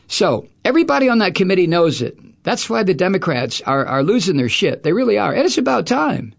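A man's voice: sits high, big pitch swings, moderate pace, vocal fry. A middle-aged man hosting a talk radio show, ranting about politics in an angry, profane, sarcastic way. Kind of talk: political rant.

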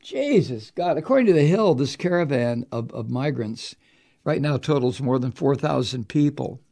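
This is a male host of a political commentary talk show, reading the news and mocking it with anger, sarcasm and free swearing. His voice is medium-pitched and mellow with some vocal fry, and he speaks at a normal speed with lively intonation.

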